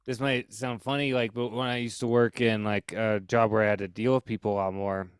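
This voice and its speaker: A man's voice: fairly low pitch, fairly quick, smooth, no echo. A man on a podcast talking casually and loosely, filling his speech with "like" and "you know". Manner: relaxed, heavy on fillers like "like" and "you know".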